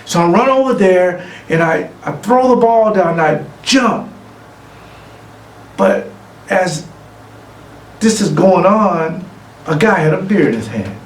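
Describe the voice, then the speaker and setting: A middle-aged man giving an award acceptance speech, telling a lively anecdote and acting out other people's lines. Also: sits high, slow, long pauses. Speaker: award honoree. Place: room, recorded for a virtual gala. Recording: echoey room, distant mic, faint noise.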